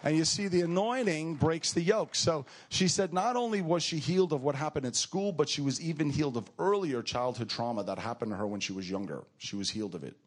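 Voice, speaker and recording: A man preaching a sermon and telling a personal story to a congregation, animated, rising high for emphasis and dropping low and quiet for tender moments. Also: fairly quick, hardly any pauses.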